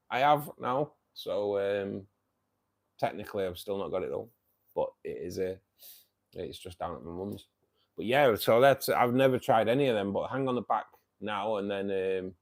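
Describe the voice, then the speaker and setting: A man hosting a fishkeeping livestream, chatting casually with viewers, joking and laughing often. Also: deep voice. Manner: jokey, laughs often, teasing. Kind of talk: casual chat reading viewer comments.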